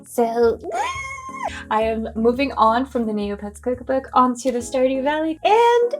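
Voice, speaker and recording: A young woman chatting excitedly in a casual cooking vlog, gushing and squealing with delight. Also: on the high side, measured pace, over music. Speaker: cooking vlogger.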